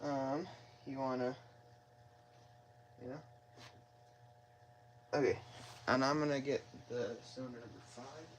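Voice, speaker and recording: A man's voice: medium pitch, slow, long pauses, slight background noise, low-quality recording. A man talking casually as he works on an engine, rambling and joking at himself while explaining each step, recorded on a phone in a garage. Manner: rambling, self-deprecating, talks to himself while working. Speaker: car mechanic vlogger. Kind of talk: casual how-to narration while working. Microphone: phone propped nearby.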